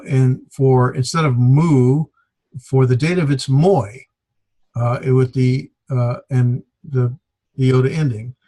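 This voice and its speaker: A man teaching a Greek grammar class, explaining in a halting way with many fillers. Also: mid-range voice, mellow, husky. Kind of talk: classroom lecture.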